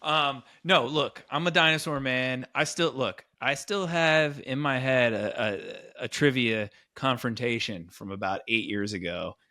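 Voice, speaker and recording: A man's voice: medium pitch, unhurried, few pauses, pushed and bright, no room sound, studio quality. A man co-hosting a podcast, talking casually and with enthusiasm, rambling with many restarts. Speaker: podcast co-host. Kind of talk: casual chat.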